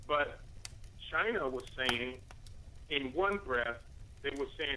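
A man's voice: mid-range voice, expressive, slow, noisy background. A man giving a rambling spoken commentary to listeners he calls family, full of rhetorical questions and "right?" tags. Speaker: radio commentator.

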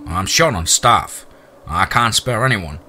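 A man's voice: on the low side, expressive, unhurried, pushed and bright, soft background music, full character voice. A man voicing a firm, authoritative small-town male police chief. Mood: businesslike.

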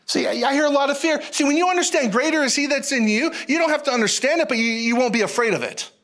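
A male pastor preaching a sermon in an animated, folksy way, repeating phrases and calling out to the congregation. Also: very high voice, fast. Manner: animated, repetitive, folksy preaching with audience call-outs.

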